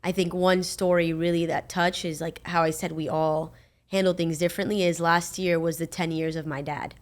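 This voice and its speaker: A woman with a lowish voice speaks as a podcast guest. She tells a personal family story openly and sincerely, in a casual, unscripted way. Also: little pitch movement, moderate pace. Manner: open, heartfelt, affirming.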